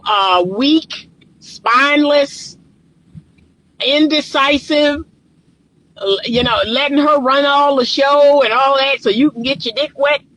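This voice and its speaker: A woman's voice: high-pitched, a bit bright, poor audio. A woman as a relationship coach, talking straight to camera in a casual, emphatic, preachy way and laughing often between points. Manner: casual colloquial talk. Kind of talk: direct-to-camera advice monologue.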